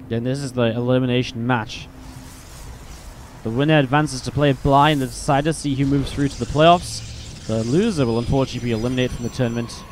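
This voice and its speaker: Casual English esports caster. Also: male voice, mid-range voice, a little fast, a little hiss or hum. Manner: chatty, casual asides between play calls. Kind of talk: live play-by-play game commentary.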